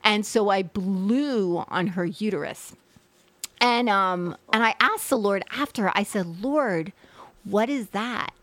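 A woman's voice: medium pitch, slow pace, fairly bright tone, no echo. Chatty woman hosting a talk show. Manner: chatty, rambling, laughs easily. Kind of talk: casual interview chat.

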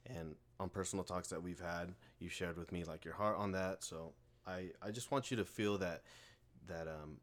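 A young man hosting a podcast, talking earnestly and warmly in casual chat, often repeating words as he gathers his thoughts. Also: low voice, normal speed. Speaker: podcast host.

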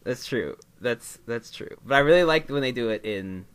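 A man's voice: mid-range voice, animated, normal speed, smooth. Male podcast co-host, casual recap, laughs easily, trails off with fillers. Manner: laughs often, hesitant with fillers and likes. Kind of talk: casual chat recapping a TV episode.

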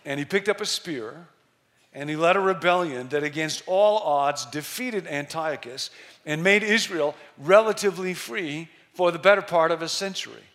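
A middle-aged male pastor preaching a sermon, telling a story with emphasis and slowing down to stress key words. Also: fairly high pitch, a bit bright.

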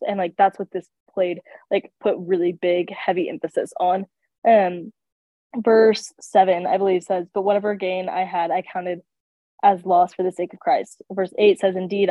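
With a lowish voice, this young adult co-host of a casual faith podcast sounds stuffed up and sick, rambling and leaning on fillers. There's no room sound; the audio is dry and tinny, like a phone.

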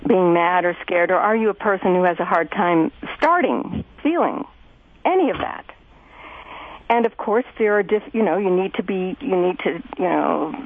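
A woman's voice: mid-range voice, dry recording. A woman therapist hosting an interview, talking in an effusive, enthusiastic way with many restarts. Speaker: host and therapist. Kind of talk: conversational interview. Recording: phone-like lo-fi radio audio.

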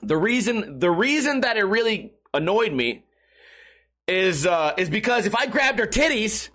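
A man's voice: high-pitched, sing-song, unhurried, sharp tone. A man hosting a casual live-streamed podcast, rambling, profane and self-mocking. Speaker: podcast host.

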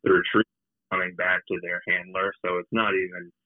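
A man who trains dogs explains retrieving in a relaxed, steady way in casual chat, often saying "you know". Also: low-pitched, brisk, dry recording. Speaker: dog trainer and breeder. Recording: tinny phone-like line.

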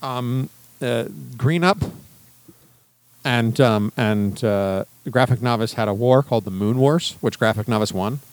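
A man co-hosting a casual podcast, calmly explaining his view in a mid-range voice. The recording is dry and close. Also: mid-range voice, a little slow, no room sound. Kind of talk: casual chat.

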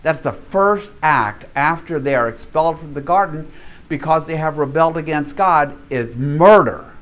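Lively older man teaching Bible class. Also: fairly high pitch. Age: 70s. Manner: animated, chatty, quick to laugh.

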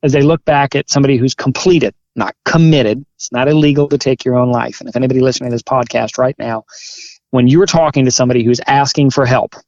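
A man who is a firefighter and chaplain, telling his story candidly in an interview, earnest and halting, growing emphatic. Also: mid-range voice, no echo, highs cut off. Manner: earnest, halting restarts, grows forceful and emphatic.

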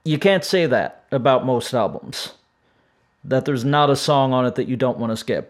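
A man's voice: medium pitch, lively intonation, brisk. Tired, rambling man reviewing records. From St. Louis, United States. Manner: enthusiastic, rambling, self-interrupting with chuckles. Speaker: podcast host. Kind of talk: casual music review monologue.

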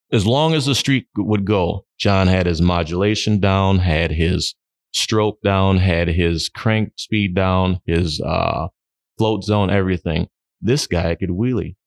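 Lively low-voiced man telling stories. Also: no room sound, clean studio sound. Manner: lively, laughs often, acts out friends' lines. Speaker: guest. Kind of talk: storytelling in a podcast interview.

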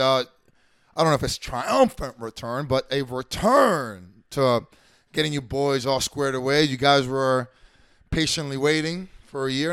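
A man's voice: medium pitch, a bit bright, clean tone, no room sound, clean studio sound. A man hosting his show, talking in an emphatic, rambling way full of swearing and restarted sentences. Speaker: show host. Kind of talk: profane rambling commentary.

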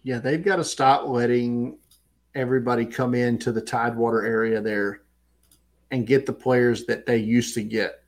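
A man with a Southern US accent, co-hosting a sports podcast in relaxed, casual chat full of fillers. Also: medium pitch, normal speed. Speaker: podcast co-host.

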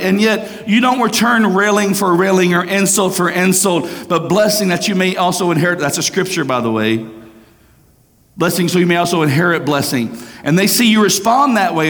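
Male pastor, fairly high voice, fervent preaching with hushed dips, long church reverb. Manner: impassioned preaching, swinging between raised and hushed. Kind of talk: sermon. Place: church sanctuary.

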